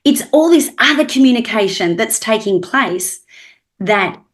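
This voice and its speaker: On a video call, a woman with a rather high, animated, unhurried voice appears as a guest NLP trainer and hypnotherapist explaining communication. In her animated expert explanation, she often acts out rising and falling inflections to make her point.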